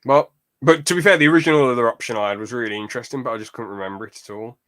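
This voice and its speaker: A man hosting a podcast in casual, rambling chat, getting animated when he tells a story. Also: medium pitch, rapid-fire. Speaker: podcast host.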